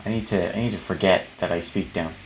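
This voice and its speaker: A man's voice: deep voice, fast talker, faint music behind. A man streaming a video game, chatting in a profane, jokey, rambling way. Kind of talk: casual let's play commentary.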